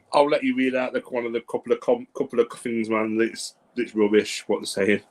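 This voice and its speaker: A man co-hosting a casual live chat, relaxed and rambling. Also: medium pitch, moderate pace. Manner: easygoing, laughs often, loose rambling phrasing. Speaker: co-host.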